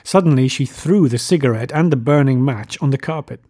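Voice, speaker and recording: A man narrating a classic novel aloud in a measured, expressive reading. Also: medium pitch.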